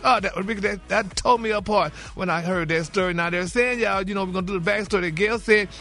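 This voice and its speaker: Sassy bright-voiced man dishing gossip. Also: high-pitched, fast talker, faint music behind. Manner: sassy, indignant, says "honey" and "y'all" a lot. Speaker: celebrity gossip segment host. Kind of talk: animated gossip chat.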